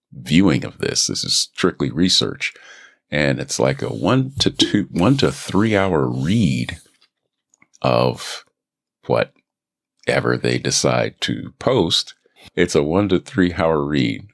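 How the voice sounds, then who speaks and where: A man with an extremely deep, gravelly voice chats loosely on his own podcast. He rambles and restarts his sentences in a relaxed way. He is recorded dry and close on a studio mic in a home booth. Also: no echo. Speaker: voice actor and podcast host. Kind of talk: casual solo podcast chat. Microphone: studio microphone.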